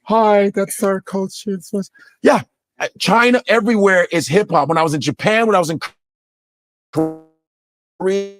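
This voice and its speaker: A man telling stories in a casual chat, animated and profane, laughing often and slipping into mock voices. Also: sits high, normal speed, pauses often. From United States.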